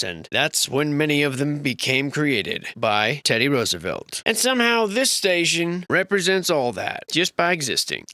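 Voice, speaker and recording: Lively, bright-voiced sarcastic man. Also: a little high, dry recording, studio quality. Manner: sarcastic, joking asides; mock-serious tour-guide delivery. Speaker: host. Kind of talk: comedic commentary.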